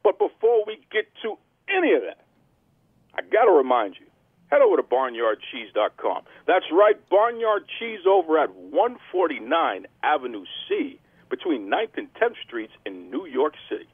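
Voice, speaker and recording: A man's voice: a little high, huge pitch swings, normal speed, husky, no echo, phone-quality sound. Brash man hosting a phone-thin podcast. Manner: boastful, theatrical heel persona. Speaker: podcast host. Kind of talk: brash wrestling podcast talk.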